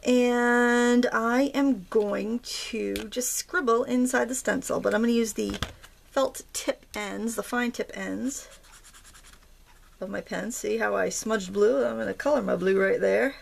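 A woman's voice: fairly high pitch, measured pace, gravelly, slight background noise. A woman from Maine with a light Maine accent, chatting and joking her way through a casual craft demonstration at home. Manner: chatty, jokey, thinks aloud while working. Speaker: craft tutorial host.

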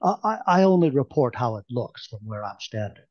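A man's voice: medium pitch, very animated, brisk, darkish tone, lo-fi sound, lightly acted. A man voicing an earnest, hesitant idealist.

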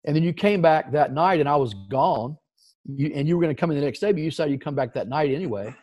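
Animated middle-aged male storyteller. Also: on the high side, quick pace. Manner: animated storyteller, acts out quoted voices. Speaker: interview guest, entrepreneur. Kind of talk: casual storytelling interview.

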